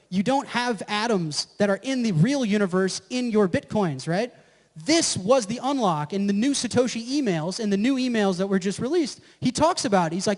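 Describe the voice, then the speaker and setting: A man's voice: high-pitched, darkish tone. A man giving a live presentation at an event, brash and profane, who keeps checking with the audience. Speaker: conference presenter. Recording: echoey hall with long reverb.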